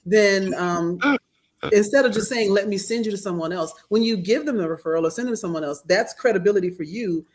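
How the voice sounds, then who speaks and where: A woman's voice: medium pitch, fairly quick, a little mellow. A woman moderating a voice-acting panel, asking questions in a chatty, conversational way. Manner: asks questions, chatty, backchannels. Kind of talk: panel discussion.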